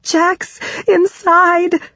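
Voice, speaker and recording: A woman's voice: very high voice, little pitch movement, drawn-out words, bright, forceful tone, dry recording, pitched above the performer's own voice, full character voice. A woman voicing a panicked young woman who screams and sobs breathlessly in terror. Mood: panicked screaming. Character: panicked young woman fleeing her attacker. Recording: dull, dry audiobook recording.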